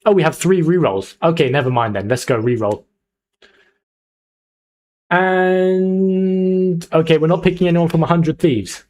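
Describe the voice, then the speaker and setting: A man's voice: fairly high pitch, lively intonation, quick pace, few pauses, a little mellow. A young man streaming live, chatting casually and hyping up his viewers as he picks a team. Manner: chatty, hyped, talks to chat. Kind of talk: casual livestream chat.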